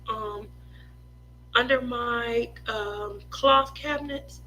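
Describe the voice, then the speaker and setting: A woman's voice: mid-range voice, slow, creaky, pushed and bright, slight background noise, low-quality recording. A woman in her forties chatting casually and openly to her viewers as a craft vlogger, rambling with lots of "you know" and "um". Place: home craft room.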